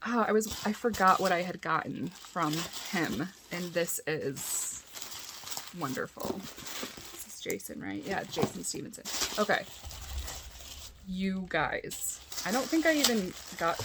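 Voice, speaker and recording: Gushing woman vlogger, slow and breathy. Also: fairly low pitch, big pitch swings, background noise. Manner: gushing, giggly, drops into whispers and squeals. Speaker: vlogger unboxing VHS tapes. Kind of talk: casual unboxing chat.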